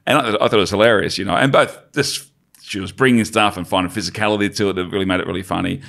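A man's voice: low voice, creaky, a bit bright. A middle-aged man from Australia, a comedian chatting casually as a podcast guest, trailing off and restarting often. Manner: halting, many restarts and fillers.

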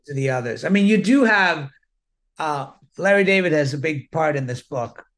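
A man, a comedian, interviewing an author on stage in a relaxed way and passing on audience questions. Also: a little high, moderate pace. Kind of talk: onstage interview.

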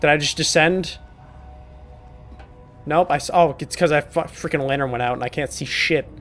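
A man's voice: on the high side, normal speed, fairly bright tone, faint music behind. A man hosting a horror game playthrough, talking to the characters with joking, profane, mock-apologetic banter. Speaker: gaming video host. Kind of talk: horror game let's play commentary.

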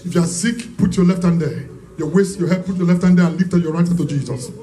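High-voiced preacher shouting fervent prayers. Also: male voice, steady tone, quick pace, a little hiss or hum, rough recording. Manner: shouted declarations, prays in tongues. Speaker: pastor.

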